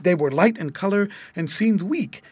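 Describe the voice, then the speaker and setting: A man reading an old-fashioned children's story aloud, gentle and expressive. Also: sits high, moderate pace, breathy edge, no room sound. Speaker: narrator.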